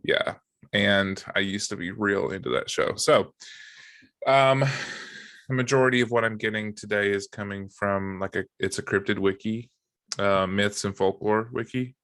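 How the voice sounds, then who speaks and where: A man with a very low voice chats casually on a podcast, joking around and reading from notes with plenty of ums. The sound is dry and close. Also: normal speed, no echo. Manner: relaxed, joking, many fillers. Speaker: podcast co-host. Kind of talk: casual chat, reading from a wiki.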